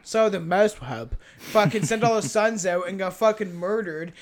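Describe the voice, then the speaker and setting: A man's voice: high voice, normal speed. A young man co-hosting a podcast, rambling and swearing in casual chat, laughing often. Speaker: podcast co-host.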